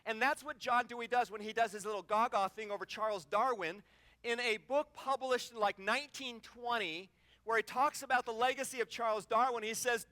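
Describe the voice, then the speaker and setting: A man's voice: very high-pitched, normal speed, no room sound. A middle-aged man giving an impassioned sermon at a conference, telling stories and acting out the cries in them. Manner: animated storytelling with acted-out cries. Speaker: conference speaker. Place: conference hall.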